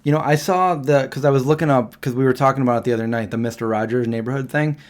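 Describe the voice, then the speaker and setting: A man hosting a casual livestream, rambling and reacting to chat comments with quick questions. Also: mid-range voice. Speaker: livestream host answering chat.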